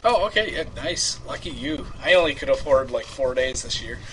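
Brief: male prank-show host, bright, slightly high voice, chatty and crude, faint hiss behind. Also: animated, fairly quick, poor audio. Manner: loose, laughing, swears freely. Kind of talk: casual live-stream chat.

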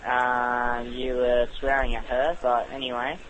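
A man's voice: mid-range voice, completely flat delivery, a little slow, fairly bright tone, a little hiss or hum, rough recording. A man taking pizza orders over the phone, patient but hesitant. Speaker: pizza shop worker. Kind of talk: phone customer service. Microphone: phone line.

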